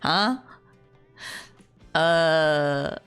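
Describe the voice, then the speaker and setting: A woman's voice: low voice, drawn-out words, fairly bright tone, clean tone, faint music behind. A woman streamer chatting casually and exclaiming in disbelief as she reacts.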